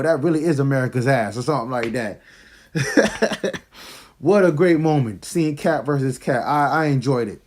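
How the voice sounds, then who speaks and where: Excited slangy man, fairly high voice. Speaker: movie reviewer. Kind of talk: casual spoiler review.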